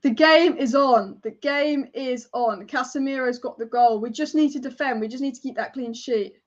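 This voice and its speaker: A young woman hosting a live football watch-along, excitable and casual, chanting and swearing as she reacts. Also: sits high, normal speed. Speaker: football fan livestream host. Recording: dull lo-fi stream audio.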